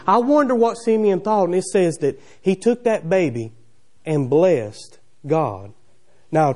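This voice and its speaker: High, lively preacher man. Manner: folksy, imaginative storytelling with rhetorical questions. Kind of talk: sermon. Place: church sanctuary.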